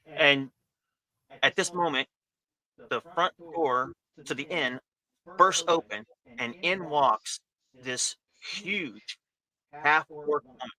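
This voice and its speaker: Game master guy narrating the scene, real bright sharp voice, laid-back. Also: mid-range voice, poor audio. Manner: casual, descriptive.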